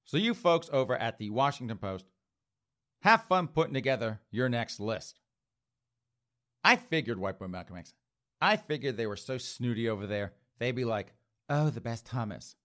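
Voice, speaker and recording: A man's voice: medium pitch, lively intonation, moderate pace, fairly bright tone. A middle-aged man hosting an opinion talk show, ranting in a sarcastic, mocking tone. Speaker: host.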